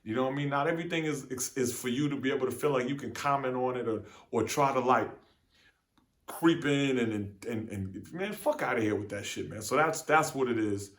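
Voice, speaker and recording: A man's voice: medium pitch, brisk. A young man talking straight to camera in a casual, profane monologue, venting with lots of repeats and fillers. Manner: animated, profane street talk, repeats "man". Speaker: vlogger.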